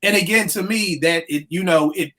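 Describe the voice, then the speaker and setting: High-voiced man ranting emphatically. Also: moderate pace. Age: 40s. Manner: animated, emphatic, profane ranting. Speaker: podcast host. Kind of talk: casual chat.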